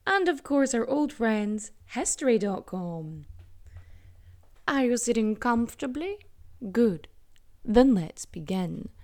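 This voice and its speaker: A young woman talks straight to her listeners in a loose, chatty podcast monologue. Her voice sits a little high. She swears freely and drifts into playful, self-mocking asides. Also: darkish tone. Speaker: podcast host. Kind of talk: casual solo podcast monologue.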